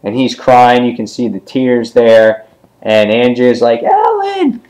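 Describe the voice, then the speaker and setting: A man casually reviewing a comic book issue, with many ums and quick character voices as he retells the scenes. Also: medium pitch, little pitch movement, darkish tone, poor audio.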